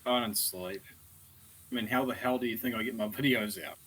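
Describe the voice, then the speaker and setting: A man's voice: medium pitch, fairly even intonation, a little fast, fairly bright tone. Blunt, dry-humoured man on a noisy call. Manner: dry, blunt, mock-exasperated. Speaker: podcast guest. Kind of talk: casual chat.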